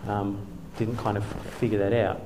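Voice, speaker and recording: A man's voice: fairly low pitch, flat delivery, normal speed, background noise. Man, middle-aged, wry storytelling, chuckling asides, echoey hall, faint background ambience. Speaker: speaker, former church leader. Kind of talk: humorous storytelling talk. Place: hall with a live audience.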